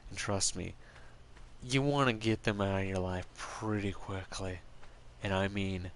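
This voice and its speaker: Here a man with a low, steady voice answers viewers' chat during a stream, speaking at a measured pace. He rambles casually, pushes strong opinions, and leans on lots of fillers. A little background noise comes through.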